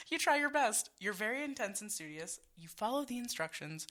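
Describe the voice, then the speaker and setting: A woman's voice: mid-range voice, lively intonation, a little fast, fairly bright tone. A woman co-hosting a podcast, chatting casually, reading out quiz options, laughing and swearing freely. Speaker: podcast co-host. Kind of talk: casual chat.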